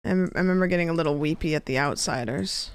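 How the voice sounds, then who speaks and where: A woman's voice: low-pitched, fast talker, clean tone, no room sound. A young woman streaming a game, chatting with viewers in a rambling, casual way. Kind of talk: casual gameplay chat.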